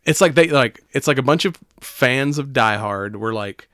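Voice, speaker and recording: A man's voice: medium pitch, expressive, normal speed, few pauses, a bit bright, no echo, studio quality. Laughing, rambling podcast man. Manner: profane, rambling, laughs often. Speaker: podcast co-host. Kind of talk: casual movie chat.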